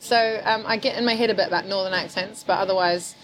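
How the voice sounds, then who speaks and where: A woman's voice: mid-range voice, steady tone, fast talker, a bit bright, a little hiss or hum, poor audio. An Englishwoman who teaches improv, chatting casually with fillers and frequent laughs. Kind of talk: casual chat.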